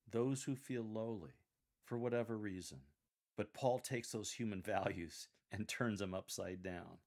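A man calmly coaching church readers on how to deliver a scripture reading, in a measured, explanatory way. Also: on the low side. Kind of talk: instructional coaching on reading aloud.

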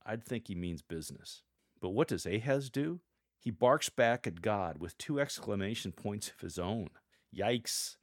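Calm low-voiced man coaching readers. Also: no echo, studio quality. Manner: measured, demonstrates readings aloud. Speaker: coach for church lectors. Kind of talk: scripted teaching narration.

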